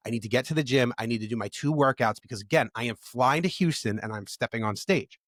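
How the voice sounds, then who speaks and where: A man's voice: mid-range voice, fast, a bit bright, no room sound, studio quality. A man on a podcast, telling candid stories in a casual, profane way. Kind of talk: casual chat.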